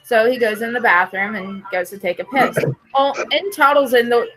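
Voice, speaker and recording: A woman with a fairly high voice tells a crude joke in a casual podcast. She is playful and profane. Faint music runs underneath. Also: moderate pace, a bit bright, low-quality recording. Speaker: host.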